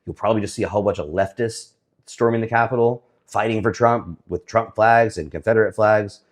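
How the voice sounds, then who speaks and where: A man giving casual, sarcastic commentary on the week's news, often pausing with fillers. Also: lowish voice, steady tone. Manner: sarcastic, hesitant with many fillers.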